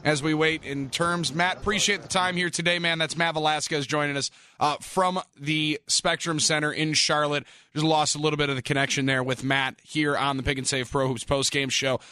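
A man hosting a sports radio postgame show, chatting smoothly and upbeat with a reporter. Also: fairly high pitch, flat delivery, moderate pace, pushed and bright. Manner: smooth, upbeat broadcaster delivery.

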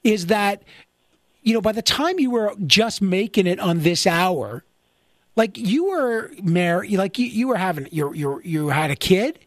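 A man's voice: high voice, animated, measured pace, no room sound. Playful teasing male host, dry sound. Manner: playful teasing, jokey asides. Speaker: interview host. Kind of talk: casual interview chat.

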